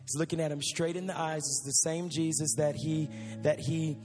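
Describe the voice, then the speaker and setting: Brief: animated male preacher, high voice, emphatic sermon delivery, long hall reverb. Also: normal speed. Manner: animated, emphatic, addresses crowd directly. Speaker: youth preacher. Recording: reverberant hall with faint music.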